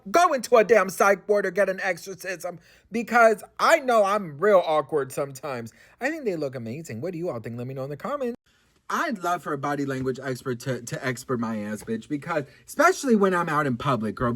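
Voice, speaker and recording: In a fairly high voice with no room sound, a man vlogs about celebrity gossip, telling stories to the camera in a casual, chatty way. He's campy and animated, swears freely, says "girl" a lot, and rambles through restarts and asides.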